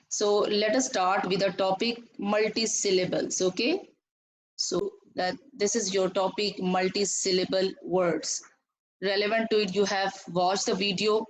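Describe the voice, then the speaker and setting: A woman's voice: medium pitch, steady tone, unhurried, poor audio. Pakistani woman teaching an English lesson. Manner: explains step by step, repeats and asks students questions. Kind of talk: recorded classroom lesson.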